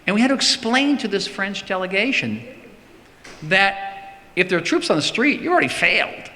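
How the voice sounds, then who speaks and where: A man's voice: high-pitched, big pitch swings, normal speed, bright, forceful tone. A man answering audience questions in a public talk, emphatic and often repeating words for stress. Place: synagogue hall. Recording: long hall reverb.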